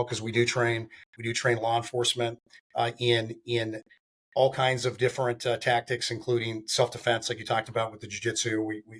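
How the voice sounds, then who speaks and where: A man answering questions in a steady, level voice that barely rises or falls. He rambles on, circling back with fillers and restarts. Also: mid-range voice. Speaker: guest, firearms training company founder. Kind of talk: casual podcast interview.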